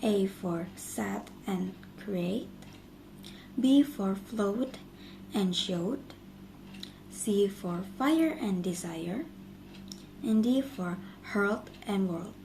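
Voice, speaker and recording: Gravelly young woman, slow and steady. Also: medium pitch, low-quality recording. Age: young adult. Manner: steady, list-like reading. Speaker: student presenter. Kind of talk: class presentation. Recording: faint background noise.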